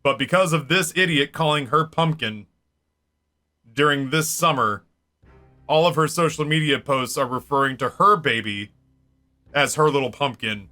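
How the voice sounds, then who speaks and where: A man with a bright, fairly high voice spins a rowdy tale while streaming a game. He swears freely and breaks into laughs. Faint music plays behind him. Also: moderate pace, long pauses. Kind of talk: casual storytelling during a game stream.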